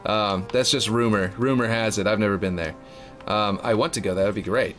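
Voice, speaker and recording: A man's voice: on the low side, brisk, a bit bright, soft background music. A man from Louisiana with a light Louisiana accent, chatting casually and rambling while he builds a game map on a livestream. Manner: rambling, lots of fillers, laid-back.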